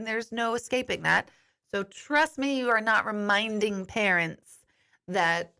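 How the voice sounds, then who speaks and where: Slow and clear, her medium-pitched voice has a sharp yet resonant tone. She's an intuitive medium and life coach chatting candidly with viewers on a studio live stream, responding to their comments, swearing now and then, and saying sorry for it.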